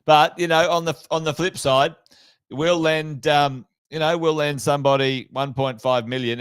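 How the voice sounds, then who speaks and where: Blunt, sweary Australian man with a higher voice. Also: fairly even intonation, normal speed, clean tone, no echo. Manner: blunt, sweary, mocking impressions of officials. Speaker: podcast co-host. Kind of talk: casual banter on finance.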